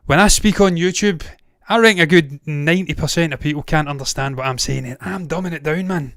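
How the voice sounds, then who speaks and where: A man's voice: on the high side, fairly quick, few pauses, a bit bright, no echo, studio quality. A Glaswegian-accented Scottish man hosting a movie news show, ranting casually with blunt swearing and frequent digressions. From Scotland. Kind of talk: casual opinionated commentary.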